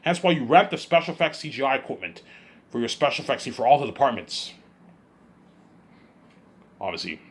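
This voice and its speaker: A man's voice: mid-range voice, very animated, brisk, long pauses, breathy edge. A man vlogging in a rambling solo monologue, repeating himself and restarting sentences as he daydreams aloud.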